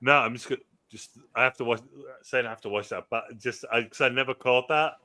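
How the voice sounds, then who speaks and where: A man's voice: medium pitch, fairly even intonation, a little fast, bright, forceful tone. A man co-hosting a casual film review chat, talking in a laid-back, rambling way with casual swearing. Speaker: film review podcast co-host.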